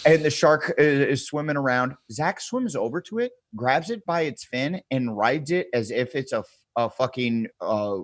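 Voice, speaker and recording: A man spins a long, profane anecdote with a widely swinging, animated pitch. He keeps acting out the people in the tale. The recording is dry and close, with no room sound. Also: normal speed, few pauses, dry recording. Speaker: podcast guest. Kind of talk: casual storytelling.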